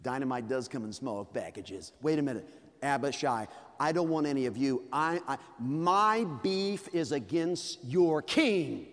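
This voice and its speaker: A preacher voicing a menacing Philistine giant warrior who taunts in a lower, mock-polite tone. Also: male voice, lively intonation, measured pace, in a large hall. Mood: wary.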